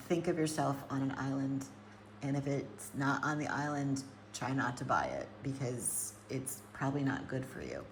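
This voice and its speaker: A woman with a very low, gravelly voice rambles chattily to her viewers while tending plants indoors, talking through each step. Steady noise hums underneath her voice throughout. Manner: chatty, rambling, thinks aloud while working. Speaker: hydroponic gardener and nutrition coach. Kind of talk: casual live chat to viewers. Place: indoor grow room.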